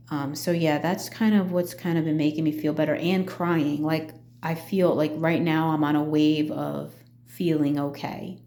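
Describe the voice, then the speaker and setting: A middle-aged woman talking casually in a personal vlog, halting, with many fillers and restarts. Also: low voice, steady tone, dark tone, reverberant. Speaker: vlogger.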